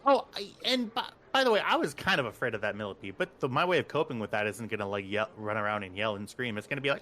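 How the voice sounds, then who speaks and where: A man chatting casually and then narrating as game master, rambling and animated with many fillers. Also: lowish voice, fast, hardly any pauses, a little hiss or hum.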